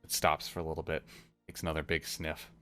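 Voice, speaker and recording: A man's voice: rumbling low, monotone, fast talker, sharp tone, faint music behind. A man acting as game master, narrating a tabletop game in a rambling way with many fillers and restarts.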